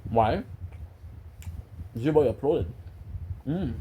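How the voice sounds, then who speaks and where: A man's voice: mid-range voice, lively intonation, takes it slowly, mellow, a little hiss or hum, poor audio. A man rambling playfully in a casual monologue, joking and drifting between topics and dropping in stray French and Spanish phrases. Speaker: gaming streamer.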